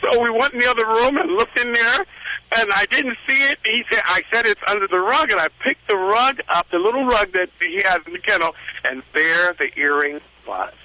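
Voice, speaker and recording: High bright-voiced man on the phone. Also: a little fast, no room sound, low-quality recording. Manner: animated storyteller, laughs often. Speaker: reverend and animal communicator guest. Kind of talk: phone-in radio chat.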